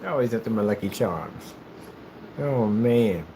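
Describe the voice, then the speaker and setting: Animated man with a very lively voice. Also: lowish voice, unhurried, slight background noise. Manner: animated, rambling storytelling; hyperactive. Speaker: gaming streamer. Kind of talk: casual chat while playing.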